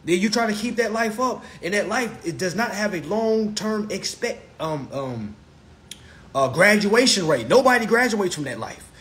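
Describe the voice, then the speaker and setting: Preachy profane man with lively high voice. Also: normal speed. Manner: preachy, repeats phrases for emphasis; blunt and profane. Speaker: live-stream speaker. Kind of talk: profane live-stream lecture.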